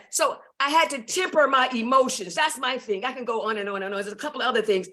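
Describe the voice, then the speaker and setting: A woman's voice: on the high side, expressive, brisk, a bit bright. A woman giving a fervent, preacher-like testimony on a video call, repeating phrases for emphasis. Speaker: guest speaker.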